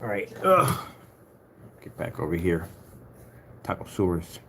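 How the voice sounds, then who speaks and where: A man's voice: low-pitched, big pitch swings, measured pace, creaky, pushed and bright, slight background noise. A man casually walking through editing his shop website, chatty and playful, talking to himself and a pet and slipping into sing-song chants. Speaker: online shop owner. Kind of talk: casual screen-recorded website walkthrough.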